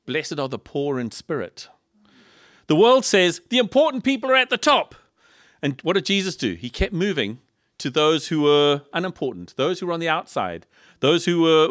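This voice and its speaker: A man from Africa, preaching a sermon in a lively style full of rhetorical questions and humorous asides. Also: on the high side, no room sound, studio quality. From South Africa. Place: church in Liverpool.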